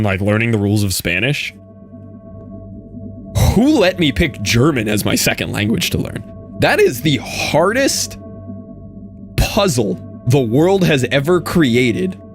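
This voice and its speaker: A young man streaming a game and chatting casually, telling an animated story with frequent laughs and quick asides. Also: medium pitch, soft background music. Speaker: Minecraft streamer. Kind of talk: casual live-stream chat with viewers.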